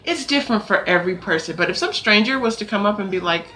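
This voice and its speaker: A young adult woman vlogging to camera, ranting in an animated, exasperated way and swearing now and then. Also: mid-range voice, quick pace, a little hiss or hum. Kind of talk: ranting casual vlog.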